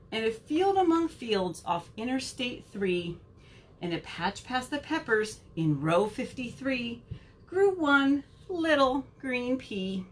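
A woman children's librarian reading a picture book aloud at home for a virtual storytime, with an animated, sing-song way of talking to kids. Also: fairly high pitch, slight background noise.

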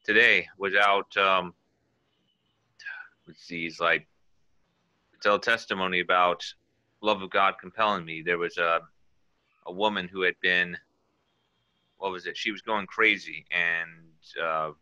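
A man's voice: sits low, steady tone, a little slow, long pauses, sharp tone, no echo. A man sharing an earnest, rambling testimony, quoting scripture as he preaches informally. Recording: dull lo-fi dry sound.

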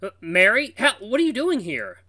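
A man's voice: high-pitched, big pitch swings, measured pace, pushed and bright, dry recording, clean studio sound, voice pushed up, exaggerated voice. A man voicing an alarmed young male android in a visual novel reading. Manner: startled, anxious outbursts.

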